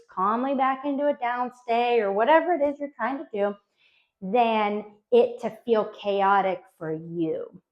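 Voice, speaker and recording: A woman dog trainer explaining training phases to owners, animated and acting out little voices for dogs and owners. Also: fairly high pitch. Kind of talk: spoken instructional talk to dog owners. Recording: dull lo-fi sound.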